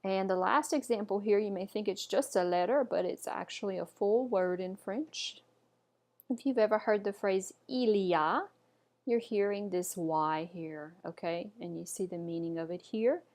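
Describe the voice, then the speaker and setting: A woman's voice: medium pitch, normal speed, a little mellow. A woman teaching pronunciation in an online lesson, repeating each word carefully and encouraging the learner. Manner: models words repeatedly, encouraging. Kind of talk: slow, patient online lesson.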